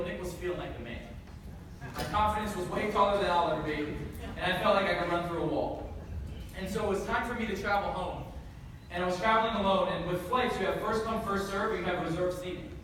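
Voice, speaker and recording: A man's voice: high-pitched, fairly bright tone. A man in his twenties giving a motivational speech to a live audience, telling a story with jokes and energy. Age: 20s. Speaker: motivational speaker. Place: large hall with live audience. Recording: echoey hall, mic from far off. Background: audience murmur and noise.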